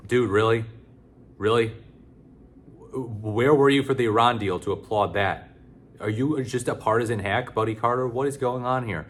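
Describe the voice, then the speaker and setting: A man's voice: mid-range voice, normal speed, pauses often. A man giving casual, sarcastic political commentary, blunt and loose with many fillers.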